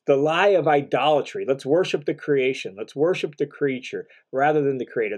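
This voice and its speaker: A man teaching verse by verse through a Bible passage in an earnest, explanatory way, slowing down to stress key phrases. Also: medium pitch, a little mellow.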